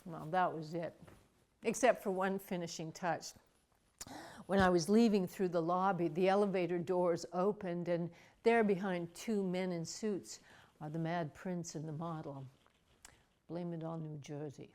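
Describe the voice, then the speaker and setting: Slow-talking older woman telling her story. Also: lowish voice, steady tone, a little mellow. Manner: wry, dramatic, with acted asides. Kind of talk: personal storytelling monologue over music.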